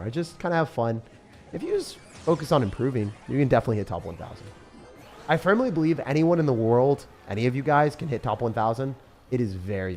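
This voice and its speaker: A young man commentating his own gameplay as a streamer, excitable and sarcastic, mocking what he complains about. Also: medium pitch. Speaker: game streamer. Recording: faint music behind.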